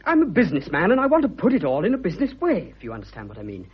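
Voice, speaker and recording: An actor as a bluff, fervent young suitor. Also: male voice, sits high, huge pitch swings, racing, slightly rough, full character voice. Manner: bluff, fervent, stammering when moved. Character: eager young male suitor, blunt and boyish. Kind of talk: vintage radio drama acting. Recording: dull lo-fi old radio recording.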